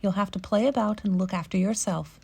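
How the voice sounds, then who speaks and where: A stern, brisk housekeeper with a Yorkshire accent, as a woman reader puts her on, laying down the rules in a firm, matter-of-fact way. Her voice is mid-pitched and heard dry and close. She is a no-nonsense figure in a storybook reading. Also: vocal fry, darkish tone, breathy edge, dry recording.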